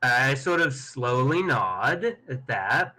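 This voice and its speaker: A man taking part in a tabletop role-playing game, describing his character's moves in a hesitant, thinking-aloud way. His voice is bright and forward. He pauses often with small fillers. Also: mid-range voice, animated, a little hiss or hum, poor audio. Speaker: player. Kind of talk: tabletop role-play chat.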